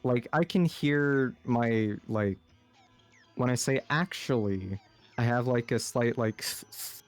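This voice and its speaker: A man's voice: mid-range voice, slow, faint music behind. A man with a slight lisp and a general American accent, rambling through a casual podcast chat with lots of fillers. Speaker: podcast co-host.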